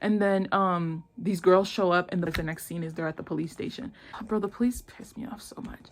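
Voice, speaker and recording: A young woman casually retelling a drama plot in a slangy, animated way, full of "like"s and acted-out lines. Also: on the low side, brisk, slight background noise. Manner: animated, slangy, with many "like"s, acting out characters' lines. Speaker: host.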